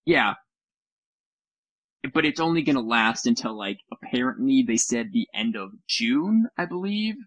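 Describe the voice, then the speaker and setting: A man's voice: mid-range voice, animated, a little slow, a bit bright, no room sound, muffled recording. A man co-hosting a casual chat over a voice call, sarcastic and mocking, swearing now and then. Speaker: podcast co-host. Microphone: computer mic on a voice call.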